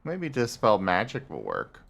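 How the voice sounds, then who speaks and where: A man hosting a casual gameplay livestream, chatting and thanking viewers with frequent filler pauses. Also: fairly low pitch, wildly swooping pitch, vocal fry, a bit bright, a little hiss or hum. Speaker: livestream host.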